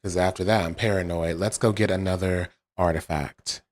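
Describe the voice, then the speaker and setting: A man's voice: low-pitched, fairly even intonation, moderate pace. A man commentating on a retro game playthrough with wry, incredulous asides. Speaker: gamer commentator. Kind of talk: let's play commentary.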